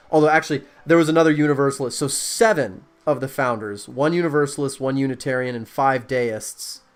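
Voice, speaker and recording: A man hosting a casual conversation, explaining and reading out facts with many fillers and restarts. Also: mid-range voice.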